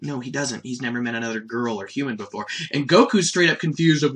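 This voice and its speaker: A man's voice: mid-range voice, fast talker, fairly bright tone. A man casually recapping an anime episode in a rambling, chatty way, laughing often. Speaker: anime reviewer.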